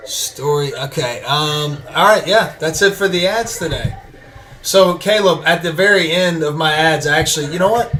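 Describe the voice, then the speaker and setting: A man's voice: a little high, moderate pace, background noise. A man hosting a casual podcast who rambles, loses his place and mocks himself. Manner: rambling, self-mocking. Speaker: podcast host.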